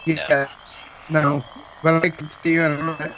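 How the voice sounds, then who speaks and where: A man's voice: fairly high pitch, level tone, a little slow, a bit bright, a little hiss or hum, poor audio. A man on voice chat with gaming friends, talking hesitantly and stumbling over his words. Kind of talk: casual voice chat.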